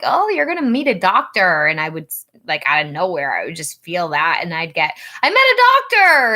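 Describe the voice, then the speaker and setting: A woman telling a personal story to camera, animated and acting out the dialogue she quotes. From Rhode Island. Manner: animated, acts out quoted dialogue with rising pitch. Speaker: psychic reader and channel host.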